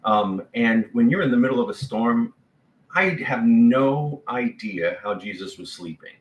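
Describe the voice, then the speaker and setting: A man's voice: medium pitch, animated, unhurried, highs cut off. A man pastor preaching a sermon in a conversational way, full of fillers and restarts. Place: church sanctuary. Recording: echoey church sanctuary.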